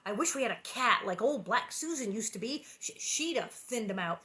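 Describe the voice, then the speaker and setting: Woman reading a weary frontier pa, punning, a bit louder, bright voice. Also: a little high, expressive, moderate pace. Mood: grumbling. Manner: weary, with dry puns. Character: tired frontier farmer father, joking. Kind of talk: storybook reading.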